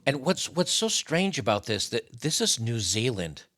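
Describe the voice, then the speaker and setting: A man's voice: medium pitch, sing-song, measured pace, a bit bright. A man hosting a live stream with casual political commentary, blunt, profane and mocking.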